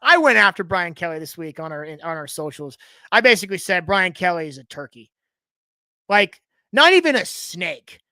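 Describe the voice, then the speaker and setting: A man's voice: high voice, sing-song, normal speed, pushed and bright, no echo. A man hosting a live-streamed sports talk show, giving opinionated, rambling and sarcastic takes with frequent restarts.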